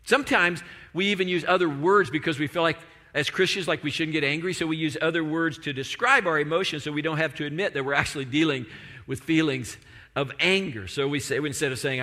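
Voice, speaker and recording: Male pastor, fairly high voice, casual preaching style, long hall reverb. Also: brisk, pushed and bright. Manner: conversational preaching with frequent restarts and "like". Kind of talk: sermon.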